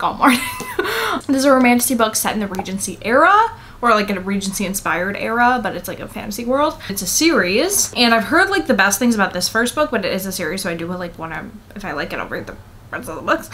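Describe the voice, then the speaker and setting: A young woman talks casually into her camera at home, rambling and tired from lack of sleep. She leans on fillers and breaks into small laughs, her pitch sitting in a middle range. A faint hiss runs under her voice. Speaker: book vlogger. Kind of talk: casual chatty vlog. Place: apartment at home.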